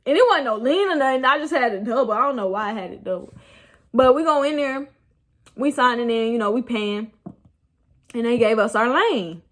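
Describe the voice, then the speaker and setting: A young woman, casually telling a rambling, animated story about her night out. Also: fairly high pitch, a little fast. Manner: animated, rambling, laughs at herself. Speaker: vlogger.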